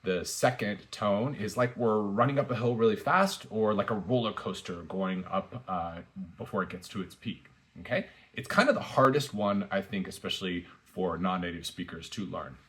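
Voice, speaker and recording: A man teaching a beginner language lesson, patient and encouraging, with frequent fillers and repetition. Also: normal speed. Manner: jumps high and loud when modeling tones. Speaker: Mandarin teacher.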